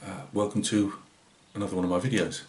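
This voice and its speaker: A man's voice: sits low, little pitch movement, fast, a little mellow, a little hiss or hum. A British man with a Northeast English accent, hosting a scale-modelling channel in casual, rambling vlog chat full of fillers and restarts. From Britain. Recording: roomy echoey room.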